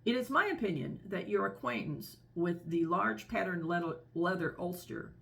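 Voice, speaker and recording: A woman voicing a wordy, pompous male python snake in a storybook reading, speaking slow and formal. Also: fairly low pitch, animated, creaky, a bit bright, recorded from a distance. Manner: slow, formal, long-winded.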